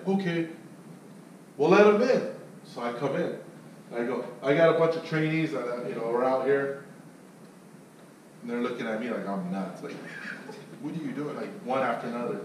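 Profane storytelling man, echoey distant mic. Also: mid-range voice. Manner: profane, animated storyteller who acts out voices. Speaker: salesman and sales coach. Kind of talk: casual storytelling with coaching. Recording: echoey room, distant mic, faint noise.

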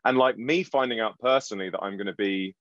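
A man's voice: lowish voice, fast, fairly bright tone, dry recording. A man with a London English accent rambles through a panel answer with jokey self-deprecation. The sound is dry and a touch dull. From London, England. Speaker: actor and guest.

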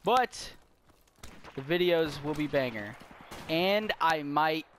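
A man's voice: on the high side, lively intonation, takes it slowly, a bit bright, a little hiss or hum. A teenage boy rambling through a channel update while playing a shooter game, swearing at the game between sentences. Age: teens. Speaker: gaming YouTuber.

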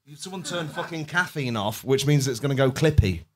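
A man's voice: mid-range voice, lively intonation, a little fast. A man co-hosting a live podcast, dropping dry, sarcastic, sweary asides. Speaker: podcast co-host. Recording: live venue with crowd noise.

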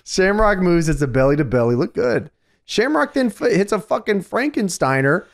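A man on a casual podcast, walking through what happens on a wrestling show one move at a time, often laughing at it. His voice sits high and moves around a lot. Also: sing-song, normal speed, creaky. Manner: narrates the match step by step, laughing. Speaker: podcast co-host. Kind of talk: play-by-play recap in casual chat.

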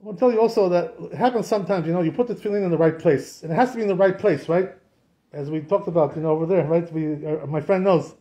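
A rabbi gives an informal, chatty class on Jewish law, asking lots of rhetorical questions and mixing in Hebrew and Aramaic terms. He talks fast in a high, dark-toned voice, and the recording is muffled.

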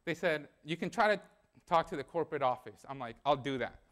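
A man's voice: fairly high pitch, animated, a little fast, fairly bright tone. A young man preaching a sermon in a church, telling a personal story in a conversational way and acting out the dialogue.

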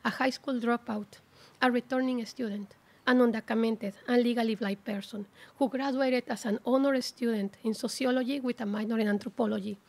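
A woman in her forties giving a heartfelt, halting graduation speech at a ceremony. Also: a little high, fairly even intonation, darkish tone. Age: 40s. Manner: heartfelt, emotional, halting with restarts. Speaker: graduating student speaker.

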